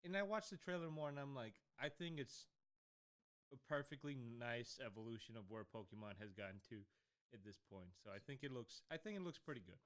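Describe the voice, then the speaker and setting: A man co-hosting a casual chat show, talking loudly with crude, laughing banter. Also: medium pitch, lively intonation, brisk, clear, resonant tone. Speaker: podcast co-host.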